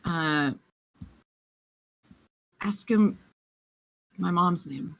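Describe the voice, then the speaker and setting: A woman's voice: on the low side, dry recording, low-quality recording. A woman playing in a tabletop game, reacting and talking in character. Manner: reactive, drawn-out player talk. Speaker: player. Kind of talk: casual tabletop play.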